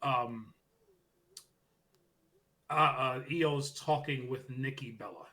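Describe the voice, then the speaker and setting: A man co-hosting a podcast, casually recapping wrestling and loudly acting out the quotes as he goes. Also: mid-range voice, slow pace. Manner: animated storytelling, acts out quotes loudly. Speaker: podcast co-host.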